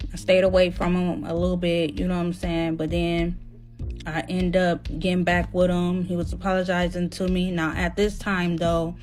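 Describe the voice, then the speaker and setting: Candid woman telling a rambling story. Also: lowish voice. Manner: rambling with many fillers, acts out quotes loudly. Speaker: storyteller in a reaction clip. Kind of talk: casual storytime, profane and candid.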